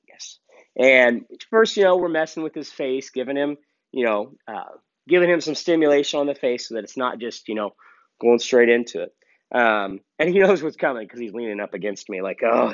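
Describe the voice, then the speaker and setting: A male dog trainer with a raised, lively voice talks through a hands-on lesson in an easygoing way. He stops now and then to bark out sharp, high commands to the dog. The sound is dull and dry, like a lo-fi outdoor video. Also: dry recording.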